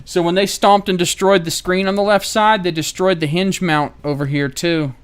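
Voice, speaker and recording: A man's voice: sits high, fairly even intonation, normal speed, clear, resonant tone. Wry, swearing American tech guy. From United States. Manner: casual, wry and profane, thinking aloud while working. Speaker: tech repair streamer. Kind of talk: live-stream repair commentary.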